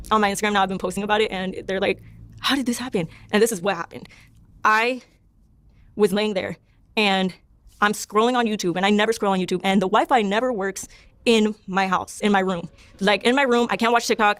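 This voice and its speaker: Fast-talking woman telling her story. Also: mid-range voice, no echo. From Panama. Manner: rambling, heavy use of "like", self-quoting. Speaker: podcast guest. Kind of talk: personal testimony storytelling.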